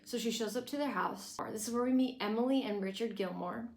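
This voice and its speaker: A woman's voice: on the high side, fairly quick. A young woman giving a casual, sarcastic and opinionated recap, blunt and outspoken in tone. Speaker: recap vlogger. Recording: echoey room.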